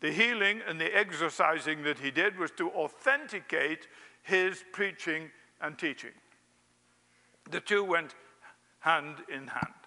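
Bright-voiced male preacher in reverberant hall. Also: fairly high pitch, unhurried. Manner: anecdotal, wry storytelling with acted-out quotes. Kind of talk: sermon.

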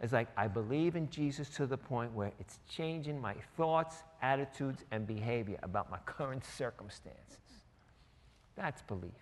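A man's voice: medium pitch, expressive, normal speed. Conversational male pastor in a reverberant hall. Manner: conversational, acts out quotes with sarcastic voices. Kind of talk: sermon.

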